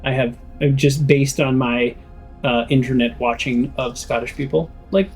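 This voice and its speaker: An American man talks through a sci-fi role-playing game, reading lines aloud and drifting into rambling jokes full of restarts. His voice sits in a middle register, with soft music low behind him. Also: steady tone, moderate pace. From United States. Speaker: let's play host.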